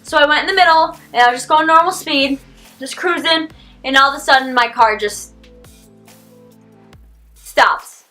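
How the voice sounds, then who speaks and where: A teenage girl vlogger telling a story casually, rambling with lots of "like" and animated quoted reactions. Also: sits high, normal speed, long pauses, faint music behind. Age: teens. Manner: animated, rambling, heavy use of "like".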